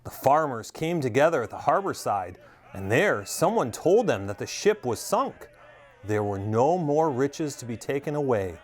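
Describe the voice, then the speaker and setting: Animated male storybook reader. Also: medium pitch, normal speed. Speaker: store manager reading a children's story. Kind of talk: storybook read-aloud.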